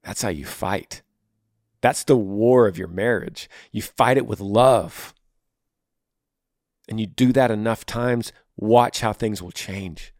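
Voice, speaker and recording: A man hosting a podcast, giving earnest, emphatic relationship advice and often dropping to a soft, quiet voice. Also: on the low side, slow, no echo, clean studio sound. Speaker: podcast host. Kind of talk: advice monologue.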